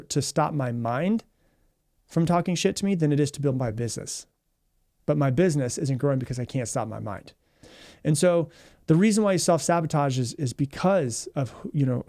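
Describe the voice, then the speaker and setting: A man hosting a podcast as a mindset coach, telling a story in a fast, energetic way, often repeating himself and acting out what people said. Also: a little high, no echo, clean studio sound.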